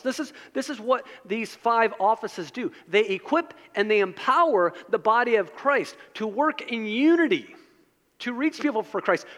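A man's voice: high-pitched, a bit bright. A man preaching a sermon as a pastor, earnest and repetitive as he drives his points home. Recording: long reverb of a large hall.

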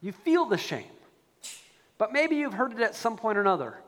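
A man preaching a sermon as a pastor, animated and acting out quoted prayers. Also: sits high, moderate pace, pauses often, big-room sound.

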